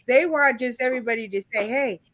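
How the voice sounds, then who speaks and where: A woman's voice: mid-range voice, a little slow, a bit bright, no room sound. A woman hosting a casual livestream chat, rambling and filling her talk with "you know". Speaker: channel host.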